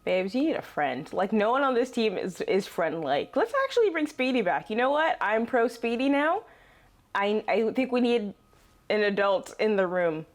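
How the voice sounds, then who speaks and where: A young woman hosting a casual reaction video, chatty and quick to laugh, with lots of fillers. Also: mid-range voice, expressive, faint music behind.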